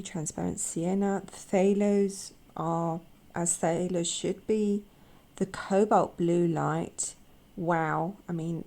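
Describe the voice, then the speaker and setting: Croaky, slow-talking woman vlogger. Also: lowish voice, warm tone. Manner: gushing, halting with repeats. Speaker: art channel host. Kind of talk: casual chat.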